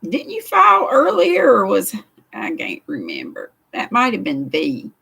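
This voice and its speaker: Speaking at medium pitch with wildly swooping intonation and a measured pace, this older Southern American woman sounds pushed, bright, slightly rough and full of vocal fry. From her craft room in the United States, she hosts a homey live chat, reading comments and welcoming viewers by name.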